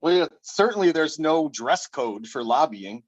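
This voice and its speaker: Wry man with a higher, dry voice. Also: very animated, unhurried, no echo. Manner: wry, joking asides. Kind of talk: casual chat on a video call. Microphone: video call. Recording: dull lo-fi video call audio.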